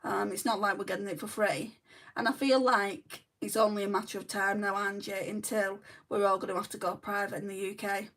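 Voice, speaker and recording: A woman's voice: mid-range voice, fairly even intonation, a little fast, a bit bright, far from the mic. A woman with a Lancashire accent chatting candidly through a makeup livestream, rambling with frequent ums and reading out viewer comments. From Lancashire, England. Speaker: beauty vlogger. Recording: voice set back from the mic.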